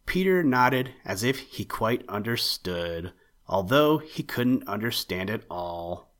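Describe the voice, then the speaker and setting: A man with a fairly low voice reads a children's animal tale aloud. His narration is steady and even, in a classic storybook manner. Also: takes it slowly.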